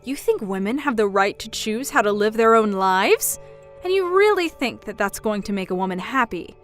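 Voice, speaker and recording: A woman's voice: mid-range voice, lively intonation, moderate pace, faint music behind, lightly acted. A woman voicing a controlling middle-aged mother who mocks and belittles her daughter. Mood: scornful. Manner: mocking, belittling, pushy.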